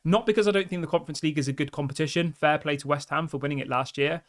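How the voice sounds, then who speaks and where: A man hosting a live football show in a slightly high voice. His talk is chatty and direct, and he turns to his viewers again and again to ask what they think. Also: very fast. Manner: chatty and direct, often asks viewers for opinions. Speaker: football fan channel host. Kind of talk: live-stream commentary to viewers.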